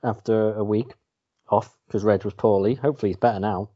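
A man's voice: lowish voice, steady tone, brisk, dull audio. A man co-hosting a podcast, teasing his partner dryly and steering the chat. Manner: dry, teasing, steering the talk. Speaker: podcast co-host. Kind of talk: casual podcast banter.

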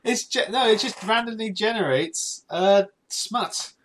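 A man's voice: high voice, a little slow, a bit bright, slight background noise. Stammering, laughing man. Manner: stammering repeats, often laughing. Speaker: podcast co-host. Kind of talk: casual comedic chat.

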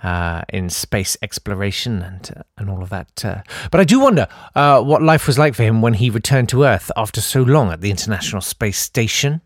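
A man's voice: lowish voice, expressive, brisk, few pauses, no echo, clean studio sound. Rambling male radio host. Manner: chatty, full of ums and tangents, self-amused. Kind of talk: rambling comedic radio chat.

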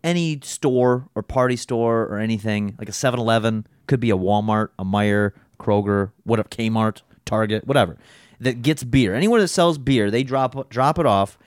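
A man's voice: mid-range voice, normal speed, clean tone, no room sound, clean studio sound. A young man co-hosting a casual podcast chat, rambling and swearing freely about old jobs. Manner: rambling, swears often, self-deprecating. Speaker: podcast co-host.

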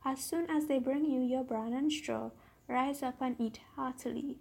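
Brief: woman reading a crafty talking donkey, husky, gravelly, high-ish. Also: fairly even intonation, normal speed, darkish tone. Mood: urgent. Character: scheming talkative male donkey.

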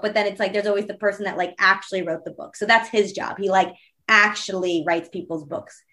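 A woman's voice: mid-range voice, fairly even intonation, fairly quick, sharp tone. A young woman guest on a podcast, telling candid stories casually with many fillers and acted-out quotes.

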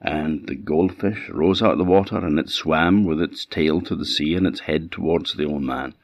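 A man with an Orkney accent from Scotland telling a folktale in a lively, animated oral style. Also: very deep voice, normal speed, no room sound. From Orkney Islands, Scotland. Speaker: storyteller. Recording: dull lo-fi sound.

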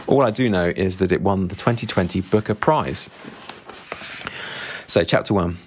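Low-voiced man hosting a book podcast. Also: steady tone, normal speed. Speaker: book club podcast host. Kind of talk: reading a novel aloud and chatting about it.

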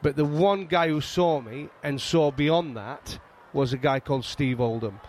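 Speaking on the high side and without hurry, a middle-aged Yorkshire-accented guest from England, once a fast bowler, relaxes into storytelling. A little hiss or hum is audible, and his animated tales are full of restarts.

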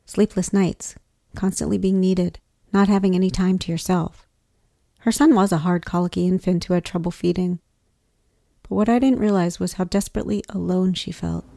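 A woman narrating a personal story in a measured, reflective way. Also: fairly low pitch, steady tone, creaky, dark tone, dry recording, studio quality.

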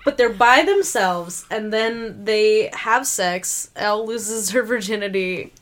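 A young woman co-hosting a podcast, chatting casually in an animated way, laughing often and acting out quotes from a film. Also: mid-range voice, slow, a loud crowd. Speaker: podcast co-host. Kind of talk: casual chat.

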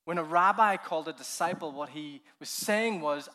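A man preaching a keynote sermon, telling the story with animated energy, laughing often, sometimes dropping to a hush and then building up with fervor. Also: on the high side, normal speed. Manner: laughs often while speaking. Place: conference hall.

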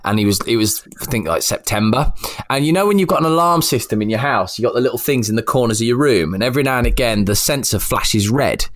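A man in his thirties chatting casually as a podcast co-host, telling lively stories and acting out the quotes. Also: mid-range voice, fast talker. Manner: animated storyteller who acts out quotes. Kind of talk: casual chat.

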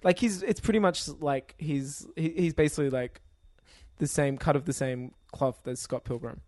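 A man's voice: fairly high pitch, moderate pace, a little mellow, dry recording. A man co-hosting a podcast, talking casually and animatedly, laughing and swearing as he tells stories. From Australia. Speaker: podcast co-host. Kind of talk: casual chat.

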